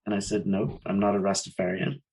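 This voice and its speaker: Very low-voiced man telling a candid story. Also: flat delivery, fairly quick, darkish tone, rough recording. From Caribbean family, mother from Barbados. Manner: candid storytelling, quotes others in raised voices. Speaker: panel guest. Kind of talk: casual panel discussion.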